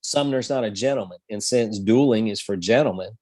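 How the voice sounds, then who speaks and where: A man's voice: on the low side, fairly quick, a little mellow, no room sound, studio quality, lightly acted. A man voicing a hot-headed male congressman who talks in an indignant, folksy way.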